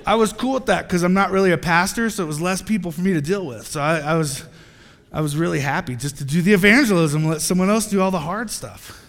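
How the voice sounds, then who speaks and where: A man preaching a sermon in an animated, joking way, acting out little scenes as he goes. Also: sits high, fast talker, long reverb tail.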